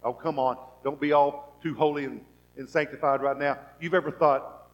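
This male pastor speaks at a fairly high pitch with a steady tone and normal speed, swinging between quiet and loud as he asks his flock rhetorical questions and voices their inner thoughts. The sermon is captured with dull audio.

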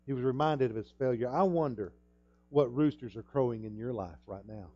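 A man preaching a sermon in an emphatic way, repeating words and jumping up loud at key points. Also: medium pitch, brisk, muffled recording. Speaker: pastor.

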